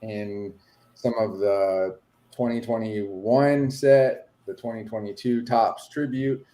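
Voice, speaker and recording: A man's voice: lowish voice, fairly even intonation, takes it slowly, warm tone. A man co-hosting a casual chat about collecting, talking hesitantly with many fillers. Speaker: podcast co-host, card collector. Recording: echoey room.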